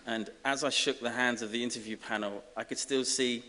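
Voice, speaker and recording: Man, comic honorary-graduate speech, bright tense tone, faint hiss on a reverberant recording. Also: mid-range voice, fairly even intonation. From Essex, England. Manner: self-deprecating, wry, halting with fillers. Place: large ceremony hall.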